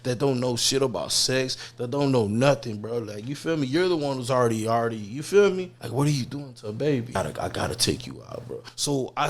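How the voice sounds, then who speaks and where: Blunt, profane man telling street stories. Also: medium pitch. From Texas. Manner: blunt, profane street talk with many fillers. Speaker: podcast guest. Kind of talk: candid storytelling interview.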